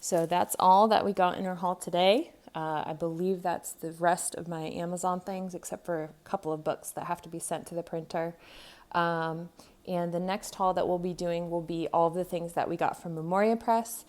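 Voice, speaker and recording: Recorded on a tripod camera's mic at her table at home, this woman in her thirties, a homeschool vlogger, casually talks through an unboxing, musing aloud and saying um often. She speaks at a moderate pace in a lowish, steady, slightly mellow voice.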